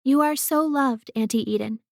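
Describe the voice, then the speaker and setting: A woman's voice: high-pitched, normal speed, creaky, darkish tone, no echo, clean studio sound, pitched above the performer's own voice. A woman reading an audiobook, voicing a bold, precocious young girl who talks in a cheeky, matter-of-fact way. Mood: blunt.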